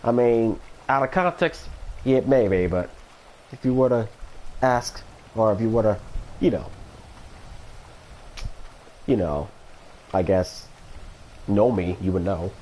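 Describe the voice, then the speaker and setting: A man's voice: on the low side, expressive, slow pace, long pauses, darkish tone, a little hiss or hum. Brief: man, casual streamer, meandering, full of fillers and restarts. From Florida. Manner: rambling and hesitant, many fillers and restarts. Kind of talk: casual livestream chat.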